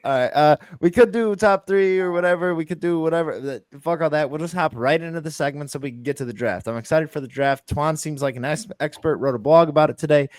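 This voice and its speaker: A man's voice: fairly high pitch, quick pace, few pauses, darkish tone, no room sound. Laid-back man hosting, dry close sound. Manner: loose, profane, runs the segments. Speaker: podcast host. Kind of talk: casual podcast banter.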